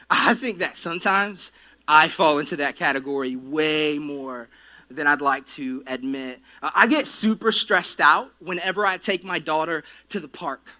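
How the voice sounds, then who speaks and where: A young man preaching to his church in a relaxed, joking way, with a high, bright voice that carries. He tells playful stories and keeps turning to the congregation with asides. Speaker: pastor. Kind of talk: sermon. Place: church auditorium.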